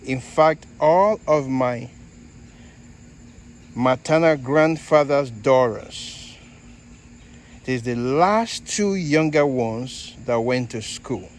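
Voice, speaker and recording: A man from Nigeria with a Nigerian accent, hosting a casual garden vlog in an unhurried, halting way. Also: mid-range voice, poor audio. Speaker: fig grower and channel host.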